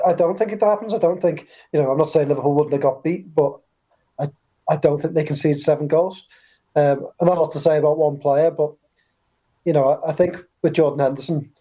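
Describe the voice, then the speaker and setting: A man's voice: fairly high pitch, dark tone, low-quality recording. A man discussing football on a podcast, emphatic and repetitive, full of "I think" and "you know". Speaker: football pundit. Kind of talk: casual podcast chat.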